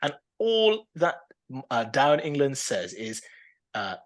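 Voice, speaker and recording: Opinionated man with a bright voice. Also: medium pitch, a little slow. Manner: animated, opinionated, with many fillers and restarts. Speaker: podcast co-host. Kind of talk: casual football chat.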